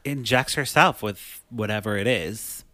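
A man with a bright, forward voice talks through a movie plot at a relaxed pace, filling his sentences with "like" and "um". The sound is dry and close, with no room around him. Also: on the low side, measured pace, dry recording. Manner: laid-back, chatty, says "like" and "um" often. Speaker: podcast host. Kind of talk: casual chat recapping a movie.

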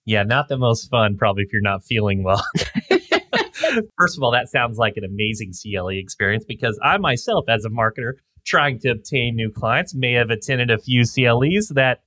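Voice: mid-range voice, brisk, hardly any pauses, sharp tone, no echo. A podcast host in casual conversation, reacting with laughter and friendly comments. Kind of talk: casual interview chat.

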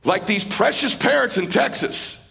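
A man speaks at a live event as a motivational speaker, his voice pitched high and bright with a gravelly fry. He talks with fervent conviction and drives points home by repeating them. His delivery has the sound of a speech given to a crowd. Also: lively intonation, moderate pace. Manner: fervent, repeats phrases for emphasis.

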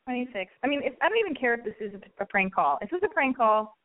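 A woman's voice: fairly high pitch, very animated, quick pace. A young woman hosting a call-in show, talking in a rambling, blunt and joking way with frequent swearing. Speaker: radio call-in host. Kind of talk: casual call-in chat. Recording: thin phone-like sound.

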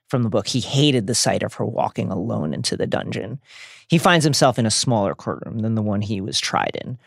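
A man co-hosting a podcast, recapping a book with animated, outraged commentary. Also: on the low side, creaky, no room sound, clean studio sound. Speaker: podcast co-host.

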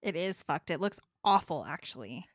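A woman co-hosting a casual chat, calmly commenting on a video and reassuring her friend with a light laugh. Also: low-pitched, moderate pace, dry recording, studio quality. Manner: calm, reassuring, chuckles often.

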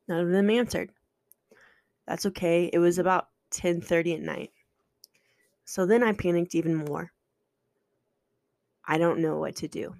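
A woman speaks candidly about her own experience, her voice gravelly with vocal fry. She talks in an earnest, halting way, restarting sentences and swearing now and then. The sound is dry and close, with no room around it. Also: fairly low pitch, steady tone, a little mellow, no room sound. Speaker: podcast host sharing a personal story. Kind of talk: candid personal storytelling.

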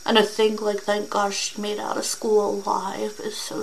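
A young woman talking earnestly in a casual vlog, reading facts aloud in a halting way with fillers and restarts. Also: medium pitch, monotone, vocal fry, a little hiss or hum, low-quality recording.

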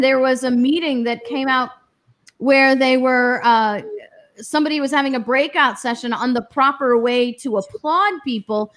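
A woman hosting a podcast in casual chat, chatty and quick to laugh. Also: high voice, fairly bright tone. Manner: chatty, laughs between remarks. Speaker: podcast host.

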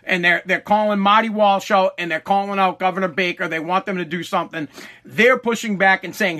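Profane, high-voiced man rambling. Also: fairly even intonation, a little fast, bright, forceful tone. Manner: rambling, profane, laughing often. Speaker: podcast host. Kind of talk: casual storytelling chat.

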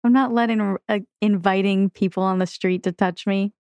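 A woman's voice: medium pitch, steady tone, normal speed, darkish tone, dry recording, dull audio. A woman co-hosting a podcast in casual chat, tossing in skeptical questions and quips. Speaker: podcast co-host.

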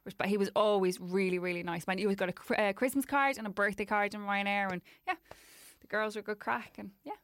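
Irish woman, casual storyteller, dry close sound, quick animated asides. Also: medium pitch, dry recording. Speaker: podcast guest, former airline worker. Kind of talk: casual chat.

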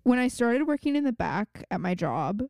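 A woman's voice: fairly high pitch, sing-song, moderate pace, creaky, darkish tone, no room sound, studio quality. A young woman co-hosting a podcast in casual chat, telling indignant stories from work. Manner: storytelling, indignant. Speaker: podcast co-host.

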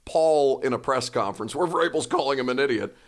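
A man's voice: medium pitch, fairly quick. A man hosting a podcast in a casual, chatty way, with self-deprecating rambling asides. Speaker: podcast host. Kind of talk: casual chat.

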